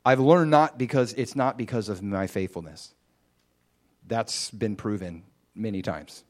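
Male preacher, testimony-style sermon; lively storyteller, spikes high when excited. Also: unhurried. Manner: animated storytelling with sudden high excited bursts.

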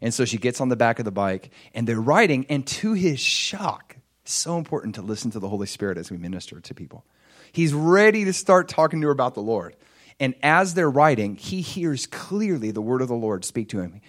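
A man preaching, telling a story in an animated way, chuckling and acting out what people said. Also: mid-range voice, a little fast. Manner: animated, chuckling storyteller who acts out quotes. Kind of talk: sermon storytelling.

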